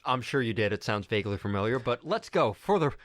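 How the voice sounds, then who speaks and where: A man's voice: mid-range voice, big pitch swings, quick pace, dry recording, studio quality. Laid-back male podcast guest. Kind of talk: casual chat between old friends.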